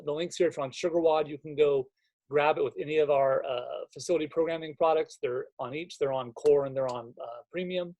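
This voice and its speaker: A man's voice: on the high side, a little mellow. A man, a fitness coach, walking gym owners through a home workout program in a conversational, fired-up way, often checking in with "right?". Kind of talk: screen-share walkthrough for gym owners.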